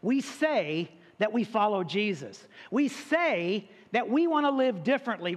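High-voiced pastor, church reverb. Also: male voice. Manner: prays then tells a joke, conversational preaching. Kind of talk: sermon. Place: church sanctuary. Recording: long hall reverb.

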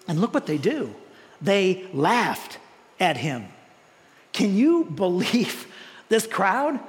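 A pastor preaching a sermon in a lively, conversational way, often repeating words and asking rhetorical questions. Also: male voice, sits high, takes it slowly. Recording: long hall reverb.

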